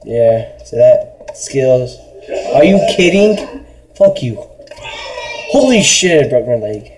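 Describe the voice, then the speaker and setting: A young man casually commenting on his gameplay, crude and excitable, swearing and shouting at failures. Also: medium pitch, slow pace, a loud crowd. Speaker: gaming channel host.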